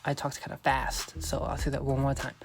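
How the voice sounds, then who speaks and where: Gravelly, emphatic male dating coach. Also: mid-range voice, completely flat delivery, brisk, over music. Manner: emphatic, repeats points, keeps addressing listeners as "you guys"; profane and cocky. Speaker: dating coach podcast host. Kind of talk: coaching podcast monologue.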